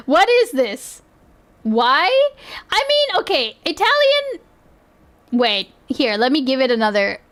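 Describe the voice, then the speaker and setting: A woman's voice: high voice, huge pitch swings, slow pace, pauses often, a bit bright. A woman streamer chatting casually and reacting to clips, giggling and rambling as she restarts her sentences.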